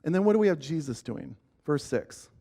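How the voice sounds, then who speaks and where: A man's voice: on the high side, lively intonation, brisk, warm tone. Casual man teaching a church lesson. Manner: casual, conversational, asking the group questions; frequent restarts and filler words.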